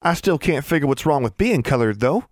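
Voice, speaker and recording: Man voicing a high, eager little Southern witch girl, folksy drawl, storybook. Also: very animated, fairly quick, dry recording, studio quality.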